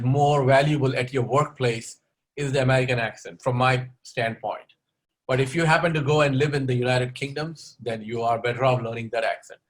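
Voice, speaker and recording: A man with a mid-range voice speaks at an online webinar, answering audience questions with advice on learning English. He often closes his points with "okay?"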